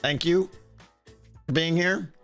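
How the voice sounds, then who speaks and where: A man streaming a game, chatting casually with viewers and thinking aloud, with a hoarse voice and many restarts. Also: a little high, fairly even intonation, slow pace, a bit bright, soft background music. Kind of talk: casual livestream chat answering viewers.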